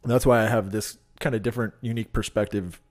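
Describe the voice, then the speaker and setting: A man casually telling stories from his youth, loose and profane, slipping into loud high voices when he quotes people. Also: steady tone, fast. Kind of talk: casual storytelling.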